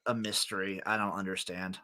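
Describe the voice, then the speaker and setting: A man's voice: deep voice, little pitch movement, brisk, bright, forceful tone. A young man hosting a podcast, talking football in a blunt, profane, exasperated way. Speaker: podcast host. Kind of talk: casual sports chat.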